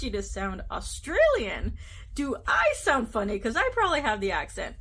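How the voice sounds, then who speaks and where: A woman's voice: on the high side, wildly swooping pitch, normal speed, sharp tone. A woman from the United States chatting casually to camera about her craft trip, talkative and giggly, with lots of fillers. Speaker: cross-stitch vlogger.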